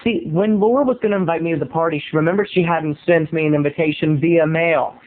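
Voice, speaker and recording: A man's voice: on the high side, fast talker, phone-quality sound. A man video blogging from home into his camera, telling a gossipy comic story in a theatrical, playful manner. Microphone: home camera mic.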